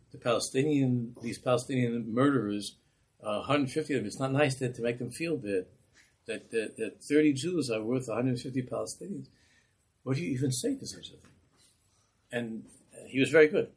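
A man's voice: medium pitch, fairly quick, husky. A man, a rabbi, teaching a Torah class in a passionate, rhetorical way. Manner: impassioned, rhetorical.

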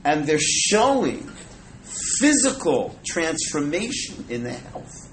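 A man's voice: a little high, sing-song, slow pace, a little hiss or hum, low-quality recording. A man teaching an informal Torah class to a live audience, chatty and joking, dropping Hebrew and Yiddish words. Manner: conversational, jokes with the audience, Hebrew and Yiddish terms.

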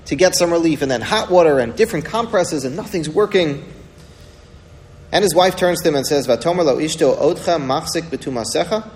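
A man's voice: on the high side, a little mellow, in a large hall. A man giving a Torah lecture, retelling a story dramatically and asking rhetorical questions. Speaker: rabbi teaching a Torah class.

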